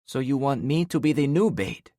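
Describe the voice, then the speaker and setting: A man's voice: mid-range voice, lively intonation, normal speed, dark tone, dry recording, studio quality, voice pushed up, lightly acted. A man voicing a wry, playful young woman survivor in an audiobook, bantering as she speaks.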